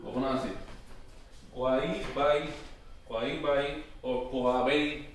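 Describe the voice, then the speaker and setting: A man giving an informal workshop talk, hesitant and full of "um" and "you know", slowing down to spell out words. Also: mid-range voice, steady tone. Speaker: workshop presenter on Taíno tradition. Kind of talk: informal teaching talk to a live group. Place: workshop room. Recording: very echoey room, far from the mic, faint noise.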